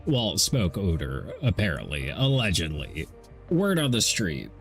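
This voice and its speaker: Loud, excitable man streaming games. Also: low-pitched, a little slow, faint music behind. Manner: loud, excitable, profane ranting. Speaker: gaming streamer. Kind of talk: casual stream chat.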